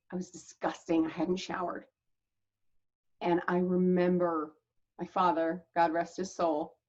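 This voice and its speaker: A woman's voice: on the low side, highs cut off. A woman hosting her own channel, telling her life story to the camera in a candid, chatty way and laughing between lines. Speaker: channel host.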